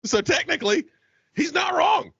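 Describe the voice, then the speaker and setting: A man's voice: extremely high pitch, sing-song, moderate pace, vocal fry, a bit bright, dry recording, shouting, muffled recording. A man from the Southern US co-hosting a podcast, chatting casually with a profane, joking manner and frequent laughter. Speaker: podcast co-host. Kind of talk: casual comedic chat.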